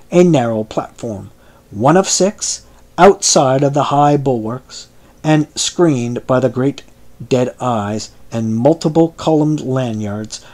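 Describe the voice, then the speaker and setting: Slow, measured male audiobook narrator. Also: medium pitch, a little mellow. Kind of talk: scripted narration.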